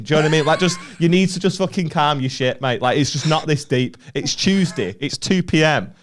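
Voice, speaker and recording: A man's voice: a little high, lively intonation, a little fast, hardly any pauses, a little hiss or hum. Sweary northern English man telling a story. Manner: sweary, sarcastic storytelling with laughs. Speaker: podcast co-host. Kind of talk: casual comedy chat.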